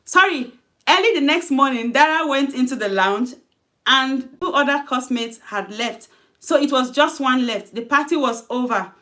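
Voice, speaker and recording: A woman with a somewhat high voice tells her own short story in a relaxed, chatty way. She talks through the dialogue loosely and corrects herself mid-sentence. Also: moderate pace. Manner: loose, conversational retelling with self-corrections.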